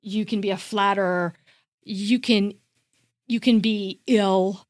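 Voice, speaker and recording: A woman's voice: mid-range voice, steady tone, takes it slowly, dry recording, studio quality. Woman co-host in casual podcast chat. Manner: emphatic, repeats herself, frequent "like".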